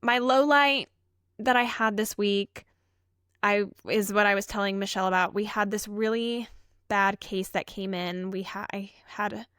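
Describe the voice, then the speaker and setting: A woman's voice: medium pitch, steady tone, normal speed, fairly bright tone, smooth, no echo, clean studio sound. A woman co-hosting a casual podcast, an emergency vet tech telling her stories in an earnest, heartfelt way.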